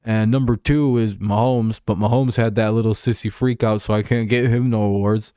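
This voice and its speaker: A man's voice: on the low side, fairly even intonation, normal speed, warm tone, clean tone, no echo, clean studio sound. A man chatting casually on a livestream about sports, rambling, swearing and chuckling as he answers his chat. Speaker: streamer.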